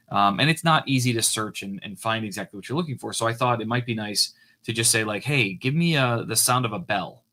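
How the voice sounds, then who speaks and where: A man's voice: fairly low pitch, a bit bright. A man walking viewers through his code on a live coding stream, casual and hesitant, with frequent fillers and restarts.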